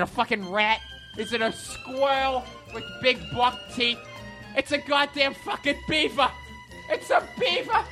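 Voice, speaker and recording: Woman doing a swearing, bright-voiced hothead guy. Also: a little high, close to an everyday voice. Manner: constant swearing, ranting, manic laughter. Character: foul-mouthed hotheaded man, self-declared psychopath. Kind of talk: comedy character monologue.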